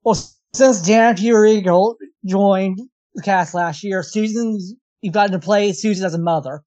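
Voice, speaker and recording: A man on a podcast panel asking an interview question in a measured, careful way. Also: sits high, darkish tone. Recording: dull lo-fi remote audio.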